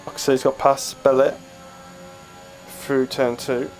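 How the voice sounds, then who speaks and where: Calm co-commentator. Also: male voice, mid-range voice, measured pace, faint music behind, low-quality recording. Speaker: sim racing co-commentator. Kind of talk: live esports race commentary.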